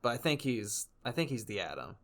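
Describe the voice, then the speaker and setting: A man in casual podcast chat, animated and quick to laugh, talking at an ordinary middle pitch. His delivery is loose and conversational, trailing off into chuckles as he goes. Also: vocal fry. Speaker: podcast co-host.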